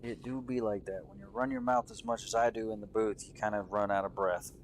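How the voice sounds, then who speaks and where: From a commentary booth, a man calls a drift competition live, excitable and casually swearing, his voice leaping up at big moments. His pitch is fairly low, he talks a little fast, and there's slight background noise.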